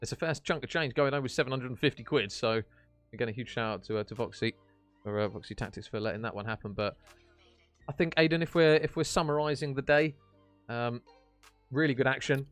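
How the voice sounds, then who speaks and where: A man's voice: medium pitch, fairly quick, no echo, faint music behind. A man casting an esports charity stream, chatty and matey as he wraps up the day. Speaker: esports caster. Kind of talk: esports stream sign-off commentary.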